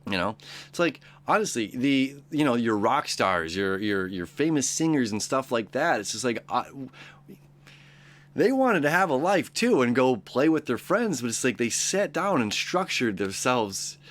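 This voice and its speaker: A man's voice: mid-range voice, very animated, unhurried, a bit bright. A man hosting a daily astrology show, talking casually and rambling, acting out quoted friends along the way. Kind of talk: casual daily horoscope talk.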